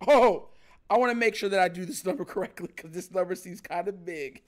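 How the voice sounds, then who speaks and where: High-voiced man ranting about football. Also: a little fast. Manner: animated, exasperated, emphatic repetition. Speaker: sports commentary host. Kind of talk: ranting reaction commentary.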